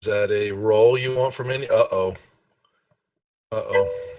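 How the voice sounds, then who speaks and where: A man's voice: fairly low pitch, fairly even intonation, a little slow, a little mellow. A man playing a tabletop game who makes jokey asides. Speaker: player. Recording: distant, dry mic.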